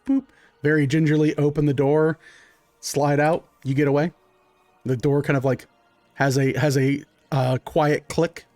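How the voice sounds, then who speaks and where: A man's voice: a little high, measured pace, darkish tone, dry recording. A man running a tabletop game as game master, narrating in a loose, chatty way with lots of fillers.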